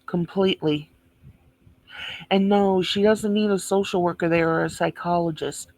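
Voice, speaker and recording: A woman's voice: on the low side, steady tone, moderate pace, darkish tone, no room sound, poor audio. A woman giving blunt, scornful commentary over video footage, swearing freely and sounding indignant. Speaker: reaction video host.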